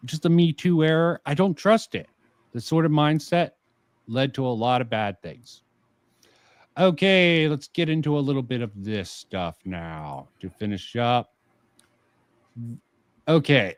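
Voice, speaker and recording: A man's voice: mid-range voice, expressive, measured pace, pauses often, clean tone, no room sound. A man hosting a casual commentary stream, reading comments aloud and rebutting them sarcastically. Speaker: streamer host.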